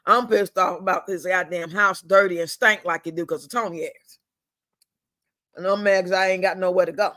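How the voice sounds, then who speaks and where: A man's voice: sits high, steady tone, normal speed, sharp tone, no room sound, studio quality. An older man, venting angrily and profanely on a home live stream and repeating himself as he fumes. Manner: fuming, profane, repeats himself, drawls some words out. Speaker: livestream host.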